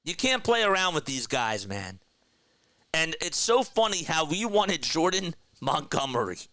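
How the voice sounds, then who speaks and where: A young man hosting a casual baseball fan livestream, excitedly talking to his chat. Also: a little high, unhurried, no echo. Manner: excited, animated, talks to chat as "bro" and "man". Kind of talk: casual post-game fan talk, reading chat.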